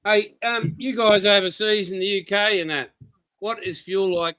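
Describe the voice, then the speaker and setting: A man's voice: sits high, fairly even intonation, normal speed, pushed and bright, smooth, low-quality recording. A man hosting a casual livestream chat in a jokey, easygoing way. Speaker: host.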